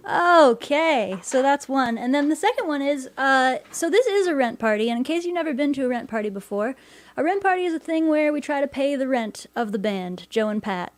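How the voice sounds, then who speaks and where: A woman hosting her own livestream concert, chatting casually and wryly between songs, with quick quips and quiet asides. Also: high-pitched, lively intonation. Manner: wry, joking, talks fast and drops to a quiet aside. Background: guitar playing.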